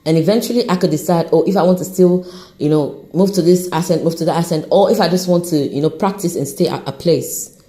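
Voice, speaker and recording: A woman hosting an unscripted motivational podcast, talking off the cuff in an encouraging, animated way, with an accent she says shifts as she goes. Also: lowish voice, fairly quick. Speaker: podcast host.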